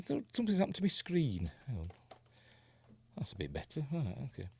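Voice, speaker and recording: A man's voice: mid-range voice, wildly swooping pitch, normal speed, gravelly, warm tone, breathy edge. A tired man with a Yorkshire accent hosts a casual live news stream, rambling, breaking off mid-sentence and laughing often.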